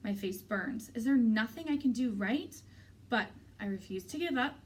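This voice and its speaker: A woman teacher reading a children's novel aloud in a steady, clear storytelling way. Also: on the high side, normal speed, distant mic, rough recording.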